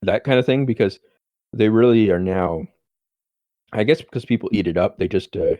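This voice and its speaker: A man co-hosting a podcast, talking in a halting, hesitant way. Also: lowish voice, warm tone, no room sound. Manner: hesitant, many fillers and restarts. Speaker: podcast co-host. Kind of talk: casual chat.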